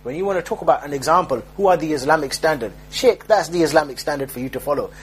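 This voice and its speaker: A husky, slightly high, expressive voice belongs to a young male preacher who talks fast. He gives a casual religious talk full of jokey street anecdotes, mimicking each person he describes.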